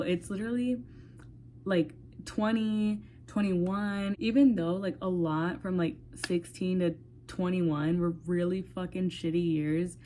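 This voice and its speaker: A woman in her twenties vlogs candidly into her phone, rambling casually, swearing freely, and saying "like" a lot. Her voice is lowish and warm, with a little hiss or hum in the recording.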